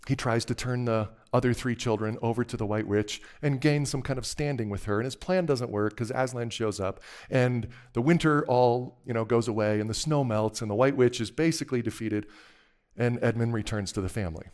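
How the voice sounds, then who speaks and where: A man's voice: medium pitch, a little mellow. Male preacher retelling a story to the congregation, chatty, easygoing. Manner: conversational, retelling a story with asides. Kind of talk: sermon with storytelling.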